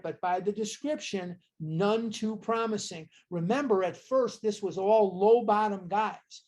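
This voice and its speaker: Unhurried teacher leading a book study group online; mid-pitched, deliberate, stresses key words. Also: darkish tone. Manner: slow, emphatic, asks rhetorical questions. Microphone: video call.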